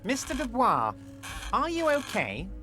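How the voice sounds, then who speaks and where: An actor playing a smooth-talking, self-important male boss in a video game, falsely reassuring and pompous. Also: extremely high pitch, wildly swooping pitch, unhurried, pushed and bright, soft background music, exaggerated voice. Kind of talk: video game character acting.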